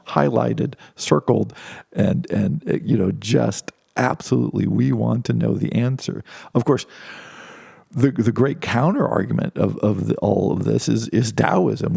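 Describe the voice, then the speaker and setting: A man's voice: fairly low pitch, vocal fry, warm tone, slightly rough, no echo, clean studio sound. A man giving an informal philosophy lecture, talking conversationally with many restarts and asides.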